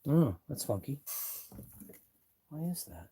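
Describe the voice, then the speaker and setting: A man's voice: on the high side, sing-song, slow pace, dark tone, husky. A man hosting a live RC car workshop stream, thinking aloud as he wrenches in his garage. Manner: muttering thoughts aloud as he works. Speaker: RC hobby channel host.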